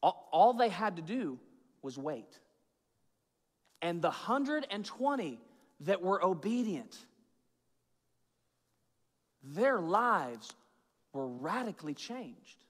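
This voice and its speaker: A man preaching a sermon as pastor, casual and chatty, swinging between loud emphatic bursts and low hushed asides. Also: sing-song, slow, pauses often. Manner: informal, chatty preaching with fillers and repeats. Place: church sanctuary with long reverb. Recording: echoey church hall.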